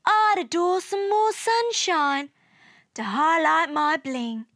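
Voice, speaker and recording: A woman's voice: very high-pitched, slow pace, a bit bright, dry recording, studio quality, pitched above the performer's own voice, exaggerated voice. A woman reading a storybook aloud, voicing Saturn as a vain, showy planet who loves her rings. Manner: dramatic, vain.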